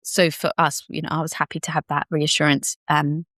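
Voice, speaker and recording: Candid woman telling her birth story, low voice. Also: fairly quick, no room sound, studio quality. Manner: animated storyteller who acts out what people said; candid, casual, occasional swearing. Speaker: podcast guest. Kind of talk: personal birth story told in conversation.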